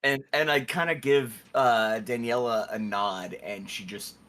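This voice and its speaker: A man's voice: medium pitch, measured pace, sharp tone. A man taking his turn in a tabletop game, describing his character's actions in first person with hesitant restarts. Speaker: player. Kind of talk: tabletop game role-play.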